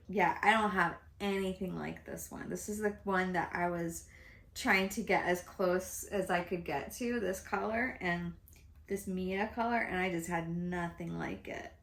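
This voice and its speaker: A chatty, excitable woman in her fifties, vlogging casually to camera about beauty at home and laughing often. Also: lowish voice, creaky. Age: 50s.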